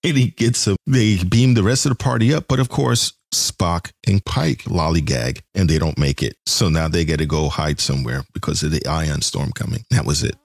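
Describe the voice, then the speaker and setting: A man's voice: low-pitched, moderate pace, creaky, hardly any pauses, breathy edge, no echo, studio quality. A man hosting a casual podcast chat, joking around, laughing often and swearing casually. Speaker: podcast host.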